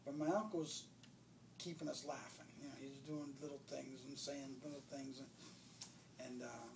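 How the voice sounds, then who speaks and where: A man's voice: mid-range voice, flat delivery, moderate pace, gravelly, roomy sound. A man telling a funny childhood story in casual conversation, often breaking into laughter. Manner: laughs a lot while telling a family story. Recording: distant mic with faint background noise.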